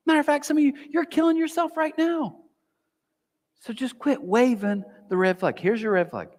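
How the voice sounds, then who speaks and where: A man preaching a sermon as pastor, animated, sometimes acting out a whispering inner voice. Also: very high voice, moderate pace. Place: large church auditorium. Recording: long hall reverb.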